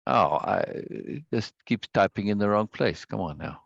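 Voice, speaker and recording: A man hosting a live stream and chatting casually with viewers. He rambles, repeats words and greets people warmly. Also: fairly low pitch, expressive, moderate pace, vocal fry, no echo, lo-fi sound. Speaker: livestream host.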